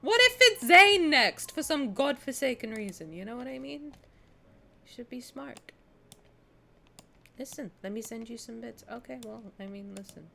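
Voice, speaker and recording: A woman's voice: a little high, big pitch swings, moderate pace, vocal fry, bright, forceful tone, faint music behind. A woman live-streaming her gacha pulls, chatting with her viewers, cooing at game characters and shrieking in mock protest, swearing freely. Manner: playful, coos at game characters.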